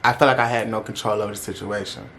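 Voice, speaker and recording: A man's voice: fairly low pitch, fairly even intonation, fast, fairly bright tone, a little hiss or hum. A young man telling a personal story in a casual, candid vlog. He talks to his viewers directly and uses plenty of slang. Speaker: vlogger.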